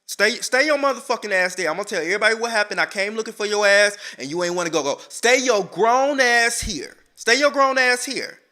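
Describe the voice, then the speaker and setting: A man's voice: high-pitched, expressive, fairly quick, hardly any pauses, sharp tone, voice pushed up. A man putting on his furious scolding mama. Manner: scolding, cursing, repeating herself. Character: fed-up mother yelling at her grown daughter.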